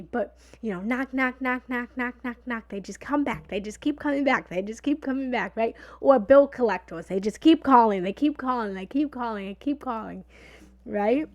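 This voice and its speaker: A woman giving a motivational talk in a lively, conversational way. She sometimes drops into a whisper for emphasis and repeats phrases playfully. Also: fairly high pitch. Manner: repetitive, playful analogies. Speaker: motivational speaker.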